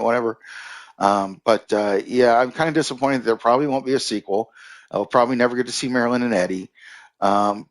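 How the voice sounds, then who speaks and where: A man giving a casual, rambling movie review on a live stream, full of fillers and restarts, stopping to answer viewers in the chat. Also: mid-range voice.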